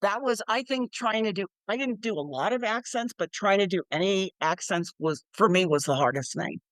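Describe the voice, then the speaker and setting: A woman's voice: mid-range voice, lively intonation, moderate pace, no echo. An older woman, an author being interviewed, chatting animatedly and acting out quoted voices with frequent laughs. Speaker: author and guest. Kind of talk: casual interview chat.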